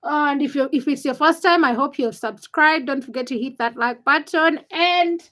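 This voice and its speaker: A woman from Uganda hosts a live chat stream and talks straight back to her viewers. Her voice sits high and sounds bright and forward. She greets people by name and teases hecklers with quick retorts. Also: poor audio. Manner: chatty and teasing, quick comebacks to viewers. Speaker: livestream host. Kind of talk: casual live-chat stream, reading and answering viewer comments.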